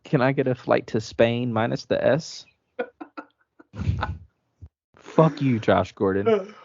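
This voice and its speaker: A man's voice: mid-range voice, sing-song, slow pace, creaky, darkish tone. Man ranting hard on a podcast. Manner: profane, heated ranting storyteller. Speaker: podcast host. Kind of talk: casual sports podcast rant. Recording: dry, dull lo-fi sound.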